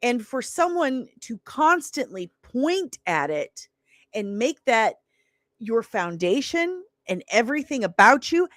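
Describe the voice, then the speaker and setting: A woman's voice: on the high side, sing-song, slow pace, fairly bright tone, no room sound. A woman in her forties telling a story in an emphatic, indignant way, as a salon owner. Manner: emphatic, indignant, stresses words hard. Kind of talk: casual storytelling.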